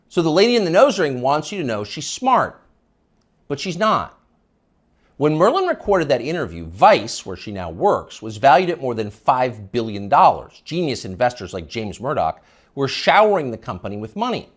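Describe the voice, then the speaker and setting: A man's voice: medium pitch, sing-song, brisk. A middle-aged male commentator delivering a sarcastic, emphatic opinion monologue.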